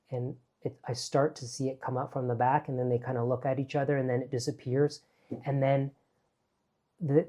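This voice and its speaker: A man vlogging to camera, telling a personal anecdote in a casual, animated way and acting out the voices in his story. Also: medium pitch.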